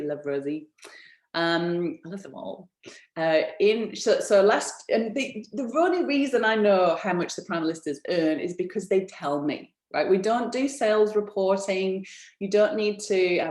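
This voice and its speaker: A woman's voice: fairly low pitch, darkish tone, roomy sound. A woman from Australia presenting a business info session in a chatty, enthusiastic way, with many ums and restarts. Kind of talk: webinar presentation, casual and chatty.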